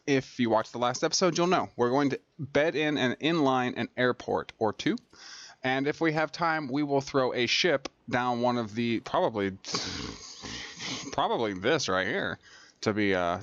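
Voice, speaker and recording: Man, gameplay host, thinks aloud with fillers, mid pitch, dry lo-fi desk mic. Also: lively intonation, moderate pace, a bit bright, no room sound. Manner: rambling, many fillers and restarts. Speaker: gaming video host. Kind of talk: casual let's-play commentary.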